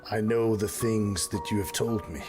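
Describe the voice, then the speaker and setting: A man voicing a calm, cryptic hooded stranger. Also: lowish voice, moderate pace, music in the background, natural voice.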